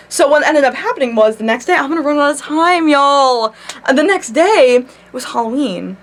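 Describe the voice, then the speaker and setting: A woman telling a personal story straight to her camera in a casual vlog, animated and full of swearing. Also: high voice, brisk. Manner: animated, swears a lot, laughs mid-story. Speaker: vlogger. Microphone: camera mic.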